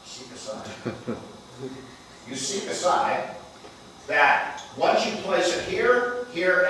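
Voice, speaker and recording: Male physics lecturer, unhurried and playful, very echoey hall, heard from a distance. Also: mid-range voice, fairly bright tone, slight background noise. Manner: playful, theatrical, asks the class questions. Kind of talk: classroom lecture.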